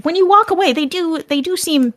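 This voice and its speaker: A woman's voice: very high-pitched, a little fast, no room sound, studio quality. A woman running a tabletop game as game master, narrating scenes and explaining rules in a rambling, thinking-aloud way.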